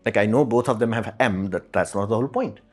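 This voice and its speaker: A man's voice: fairly low pitch, fast, soft background music. A man giving a casual opinion monologue as a commentator, rambling and repeating "it's like" with many fillers.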